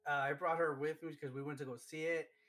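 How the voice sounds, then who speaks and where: A man hosting a live stream, chatting casually and telling stories excitedly, with lots of fillers. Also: a little high, quick pace, soft background music. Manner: excitable, animated storytelling with many fillers. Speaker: streamer host. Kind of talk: casual chat.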